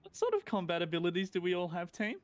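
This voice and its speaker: A man's voice: high voice, sing-song, quick pace. A man playing a tabletop game, talking casually and joking with the others. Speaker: player.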